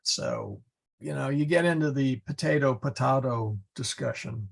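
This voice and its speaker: A man teaching a Latin class, explaining slowly and patiently with many fillers. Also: medium pitch, creaky. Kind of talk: online class lecture.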